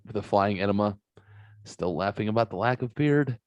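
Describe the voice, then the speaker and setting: A man's voice: lowish voice, animated, moderate pace, no room sound, dull audio. A man hosting a podcast, talking in a profane, rambling, self-mocking way. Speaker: podcast host. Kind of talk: casual podcast banter.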